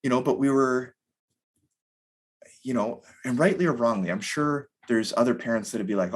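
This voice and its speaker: A man's voice: medium pitch, normal speed, long pauses. A man in his thirties, a podcast guest talking candidly in a rambling way, full of fillers. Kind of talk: casual conversation.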